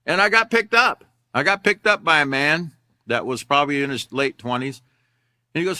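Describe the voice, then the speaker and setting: Bright, dry-voiced male instructor. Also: fairly high pitch, normal speed, dry recording. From Alaska. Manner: candid, conversational storytelling with many fillers. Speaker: character education instructor. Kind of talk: classroom lecture with personal story.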